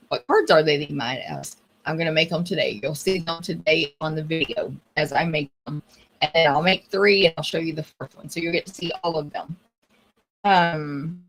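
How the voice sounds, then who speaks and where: Husky-voiced woman chatting on a livestream. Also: lowish voice, fairly bright tone. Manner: chatty, scattered, often losing her train of thought. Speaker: craft supply demonstrator hosting a livestream. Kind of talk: casual live-stream chat.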